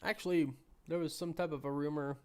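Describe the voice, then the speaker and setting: A man with a cold, hoarse and sniffly, hosting a casual live stream and chatting with viewers while thinking aloud. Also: a little high, steady tone, brisk. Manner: rambling, thinking aloud with many restarts. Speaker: livestream host.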